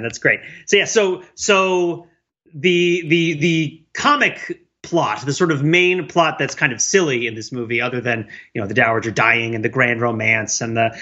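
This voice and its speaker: A man's voice: medium pitch, sharp tone, lo-fi sound. A man chatting casually about a movie, laughing often and restarting his sentences a lot. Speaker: film podcast co-host. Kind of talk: casual chat.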